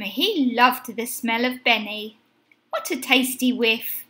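Slow, lively woman reading a storybook. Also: on the high side. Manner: expressive, sing-song storytelling. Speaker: teacher reading a picture book. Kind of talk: storybook read-aloud.

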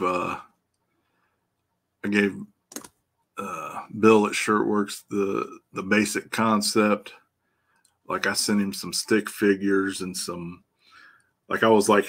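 A middle-aged man with a Midwestern American accent chats loosely on a live stream, greeting viewers one by one. His low voice has a gravelly fry and a bright, forceful edge. He swears casually and breaks into laughter often. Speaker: livestream host and EFI tuner.

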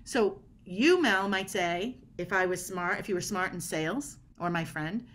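Emphatic, lively woman expert. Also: lowish voice, a little slow, few pauses. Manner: energetic, emphatic, acts out quoted dialogue. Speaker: body language expert guest. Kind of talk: animated podcast conversation.

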